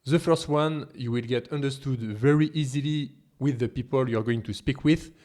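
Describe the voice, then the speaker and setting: A man's voice: mid-range voice, normal speed, a little mellow. A man with a French accent, a native French speaker, teaching a language lesson in an emphatic tone with rhetorical questions. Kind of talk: scripted video lesson.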